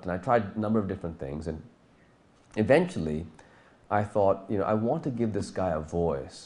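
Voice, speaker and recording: A man's voice: sits low, a little mellow. A man from Pakistan, an author giving a talk to an audience and taking questions, who explains thoughtfully at length with many restarts.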